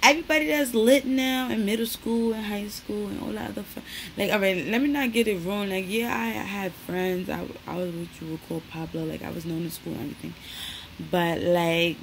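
Young New woman vlogger, slangy and animated, gravelly edge. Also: mid-range voice, brisk, slight background noise, poor audio. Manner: chatty, slangy, animated storytelling. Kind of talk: casual chat to camera. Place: her small bedroom.

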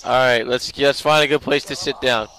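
Exasperated man gamer, bright voice. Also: mid-range voice, fairly even intonation, moderate pace, rough recording. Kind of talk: casual gaming banter.

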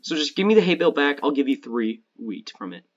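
A man's voice: fairly high pitch, very animated, fast talker, muffled recording. A man chatting casually with a friend while gaming, telling crude joking stories. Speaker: gamer playing with a friend.

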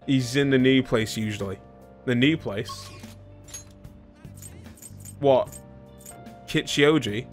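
A man's voice: medium pitch, takes it slowly, long pauses, soft background music. A man streaming a video game, rambling and joking with his chat, with a British accent. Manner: rambling, self-mocking, talks to chat. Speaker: gaming streamer. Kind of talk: casual let's-play commentary.

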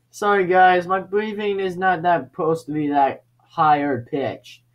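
A man giving excitable gameplay commentary, laughing often and shouting his reactions at the game. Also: sits high, slow pace, muffled recording, a little hiss or hum. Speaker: let's play gamer. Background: game music.

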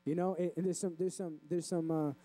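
A man's voice: on the high side, little pitch movement, a little fast, mellow, rough recording. A pastor preaching a casual, conversational sermon in church, often repeating words as he goes.

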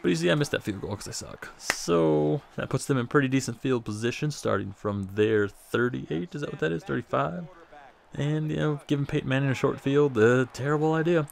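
A man's voice: medium pitch, a little fast, vocal fry. A man casually commenting over his football video game, rambling and self-deprecating, a bit out of breath. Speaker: gaming commentator.

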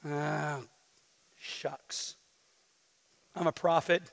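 A man's voice: high-pitched, quick pace, a bit bright, clear, resonant tone. A man voicing a sheepish, evasive male prophet who mumbles fumbling excuses during a sermon. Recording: long hall reverb in a church.

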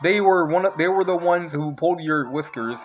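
A man's voice: on the high side, normal speed, faint music behind, natural voice. A young man voicing a bumbling male pirate henchman in a game, eager and full of pirate slang.

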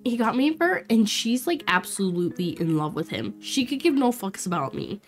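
A woman's voice: mid-range voice, sing-song, normal speed, soft background music. A woman in her twenties chatting casually and bubbly with viewers while streaming a game, laughing often. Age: 20s. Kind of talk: casual livestream chat while playing.

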